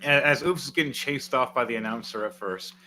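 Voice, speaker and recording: A man's voice: mid-range voice, a little fast, a little hiss or hum, low-quality recording. A man narrating a tabletop wrestling game as game master, describing the action play-by-play. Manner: play-by-play, lively, laughing.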